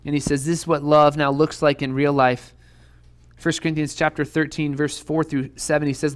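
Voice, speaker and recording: A young man preaches to students in an earnest, urgent way. He hammers home his point with repeated questions. His voice sits a little higher than most men's. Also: flat delivery, normal speed, smooth. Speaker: youth pastor. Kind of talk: sermon to students. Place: church youth room.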